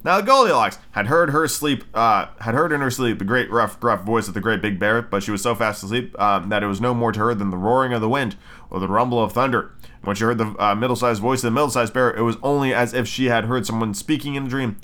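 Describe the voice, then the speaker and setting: A man with a bright, crisp voice reads a children's story aloud for a podcast. He keeps stopping for casual, irreverent asides full of swearing. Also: medium pitch, quick pace. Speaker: podcast host. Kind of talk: casual storybook reading with profane commentary.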